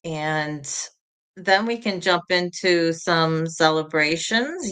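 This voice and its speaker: A woman's voice: on the low side, lively intonation, takes it slowly, a bit bright, smooth. A middle-aged woman hosting an online community call in a chatty, rambling way, greeting viewers by name. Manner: chatty and rambling, reading viewers' names aloud. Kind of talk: casual chat.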